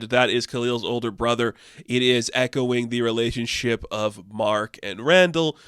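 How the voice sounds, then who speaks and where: A man's voice: mid-range voice, fairly bright tone, clean tone, dry recording. A man casually reviewing a comic book in a rambling, offhand way, full of fillers.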